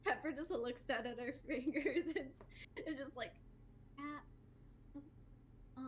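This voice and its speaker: A woman's voice: sits high, normal speed, a little hiss or hum. A woman playing a tabletop game who keeps pressing with questions and giggles as she talks. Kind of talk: casual chat at a tabletop game.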